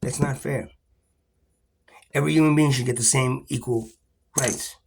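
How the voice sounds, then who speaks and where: A man's voice: mid-range voice, fairly even intonation, moderate pace, vocal fry, darkish tone, a little hiss or hum. A man ranting in an agitated, rambling, profane monologue to camera, full of restarts.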